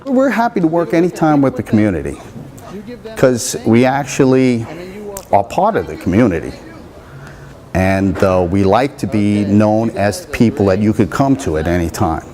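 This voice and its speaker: Man, community worker, interview, sincere, dark mellow tone. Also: fairly low pitch, sing-song, normal speed.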